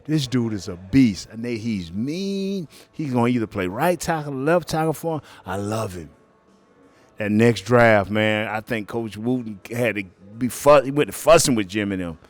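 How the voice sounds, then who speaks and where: A middle-aged man, a podcast guest telling lively stories, acting out quotes and laughing often. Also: mid-range voice, moderate pace. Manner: animated storyteller, acts out quotes, laughs often. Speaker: guest, former football player. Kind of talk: storytelling podcast interview.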